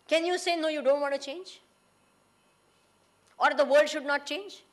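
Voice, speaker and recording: A woman's voice: high voice, moderate pace, long pauses. A woman with an Indian accent giving a talk to an audience, often asking them questions and mixing in Hindi and Gujarati phrases. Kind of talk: lecture to an audience.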